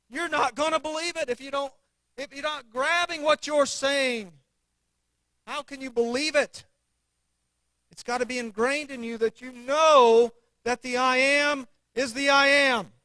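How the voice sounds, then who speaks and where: High-voiced, unhurried church teacher. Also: male voice, sharp tone, no echo, rough recording. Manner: earnest, repeats declarations with conviction. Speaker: adult Sunday class teacher.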